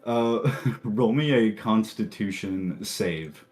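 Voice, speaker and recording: A man narrating a tabletop game as game master in a relaxed, chatty way, laughing easily. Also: lowish voice, slow pace, soft background music.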